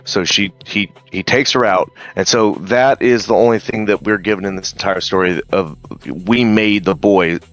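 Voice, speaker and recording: A man's voice: lowish voice, fairly even intonation, normal speed, few pauses, fairly bright tone, faint music behind. A man casually retelling a story, hesitant with many ums and some swearing. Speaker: streamer.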